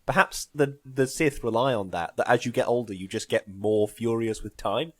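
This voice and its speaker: A man's voice: medium pitch, moderate pace. A man as a podcast guest, rambling and wryly interrupting himself in casual chat. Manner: rambling, self-interrupting, wry.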